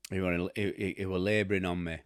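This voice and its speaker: A man's voice: deep voice, little pitch movement, fast, clear, resonant tone, dry recording, studio quality. A man in his fifties with a Yorkshire accent, hosting a casual chat and telling rambling, blunt stories with a chuckle. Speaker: host.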